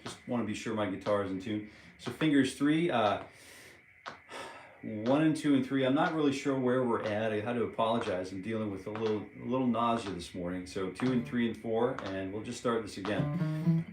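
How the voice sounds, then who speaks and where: A lowish-voiced man rambles chattily through a casual live guitar lesson, counting beats out loud as he plays. His voice sits in a roomy echo, picked up by a phone propped up at home. Loud guitar playing fills the space around him. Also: moderate pace. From United States. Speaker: guitar teacher hosting a live stream.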